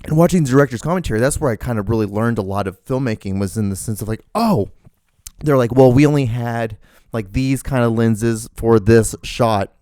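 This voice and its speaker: A young man hosting his own show, telling rambling, animated stories with lots of fillers and casual swearing. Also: medium pitch, brisk, dry recording, studio quality. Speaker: podcast host. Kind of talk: casual storytelling monologue.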